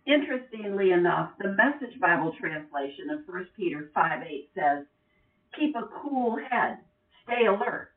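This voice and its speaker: A woman reading Bible passages aloud in a careful, deliberate way. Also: mid-range voice. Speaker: Bible teacher. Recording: tinny sound from far off.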